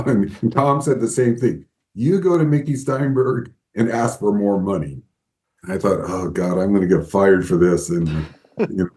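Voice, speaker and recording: Older guy telling stories on a podcast, animated, does the voices, warm low tone. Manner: animated storyteller, acts out quoted voices. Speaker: guest, former Disney figure animator. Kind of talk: storytelling interview.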